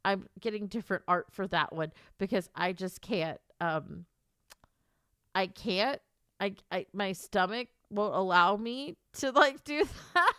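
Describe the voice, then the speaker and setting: A woman's voice: mid-range voice, lively intonation, unhurried, fairly bright tone, clean tone, no echo, studio quality. A woman streamer chatting casually with her viewers, emotional and teary, laughing and rambling as she talks. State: teary, crying on and off. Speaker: streamer and author. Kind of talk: casual live-stream chat.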